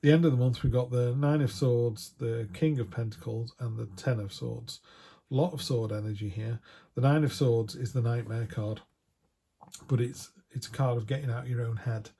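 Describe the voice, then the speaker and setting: A man's voice: mid-range voice, steady tone, normal speed, vocal fry, dark tone, slightly rough. A man giving a casual tarot reading, chatty and full of restarts. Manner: chatty, quotes imagined voices, frequent restarts. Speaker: tarot reader.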